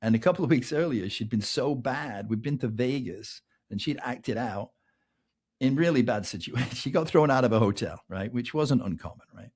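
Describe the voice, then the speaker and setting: A middle-aged man with an English accent hosting a podcast, telling a long personal anecdote in a lively way and often asking "right?". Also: mid-range voice, normal speed, slightly rough. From England. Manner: animated anecdote telling, keeps adding "right?", laughs between lines. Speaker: podcast host. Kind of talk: casual storytelling monologue.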